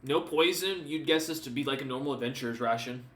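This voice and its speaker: Male game master narrating a session; rambling, bright tone, roomy distant mic. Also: mid-range voice, fast. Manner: rambling, many fillers.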